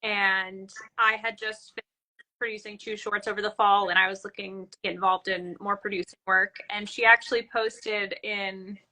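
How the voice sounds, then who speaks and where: Bright-voiced woman producer telling a story. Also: mid-range voice, little pitch movement, normal speed, low-quality recording. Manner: friendly, storytelling, easy laughter. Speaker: film producer and guest. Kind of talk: casual interview answers.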